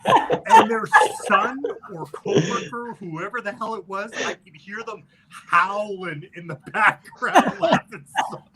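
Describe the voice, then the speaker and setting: A man's voice: sits high, slow pace, crowd noise, poor audio. A man in casual chat on a live stream, telling call-center stories and slipping into character voices. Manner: animated, slips into character voices. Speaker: guest reviewer on a live stream. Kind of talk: casual chat, storytelling with impressions.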